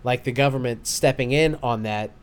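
A man's voice: medium pitch, moderate pace, clean tone. Rambling, easygoing man hosting a podcast. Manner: rambling, hesitant restarts, laughs often. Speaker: podcast host. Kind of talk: casual podcast chat.

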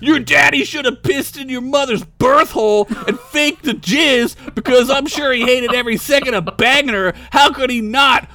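A man voicing a really old, cruel male orc who rants in a loud, high-pitched snarl in a comedy fantasy story. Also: full character voice.

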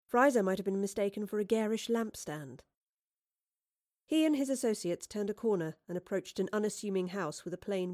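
A woman narrates a story with lively expression. She reads into a close microphone. The sound is dry, with no room echo. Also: mid-range voice. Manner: expressive, animated character reading. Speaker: audiobook narrator. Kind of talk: scripted narration.

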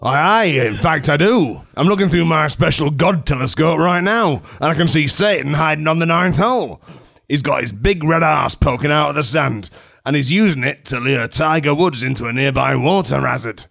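A man's voice: on the high side, normal speed, vocal fry, fairly bright tone, voice pushed up. A man voicing a jovial, blustering male God in a put-on Scottish accent, rambling in a hearty, mock-grand way. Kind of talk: improvised comedy role-play.

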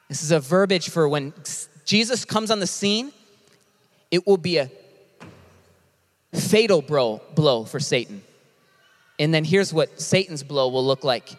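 A man preaching a sermon as a pastor, animated and conversational, with quick asides. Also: on the high side, in a large hall.

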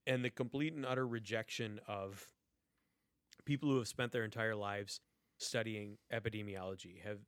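A man's voice: lowish voice, steady tone, moderate pace, no room sound, studio quality. A man co-hosting a podcast, ranting in a casual, exasperated way with plenty of swearing. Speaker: podcast co-host. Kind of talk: casual chat.

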